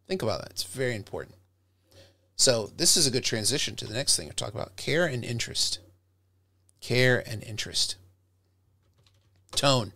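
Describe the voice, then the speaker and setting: A middle-aged professor lecturing his students on public speaking, lively and direct, sometimes acting out the flat or heartfelt tones he wants them to avoid or use. His voice is bright and forceful, close to the mic in a dry room with no echo. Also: mid-range voice, normal speed, long pauses.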